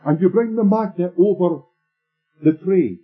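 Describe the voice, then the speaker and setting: Tinny recorded preacher, husky man. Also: high-pitched. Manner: storytelling preacher, measured and emphatic. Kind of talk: sermon. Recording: tinny lo-fi sermon tape with faint music.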